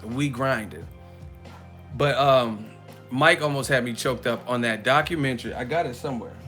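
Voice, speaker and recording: A man hosting a live boxing chat, animated and profane, often breaking into laughter. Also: medium pitch, moderate pace, soft background music. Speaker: boxing channel host. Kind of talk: live casual commentary.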